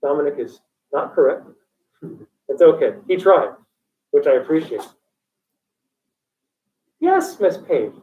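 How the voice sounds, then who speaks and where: A high-pitched man lectures a college class, slipping in jokes and quizzing his students as he goes. He is picked up from across the room on a dull-sounding mic, with the classroom echoing around him. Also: expressive, takes it slowly, long pauses, recorded from a distance. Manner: joking, digressive, quizzes students. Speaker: college instructor.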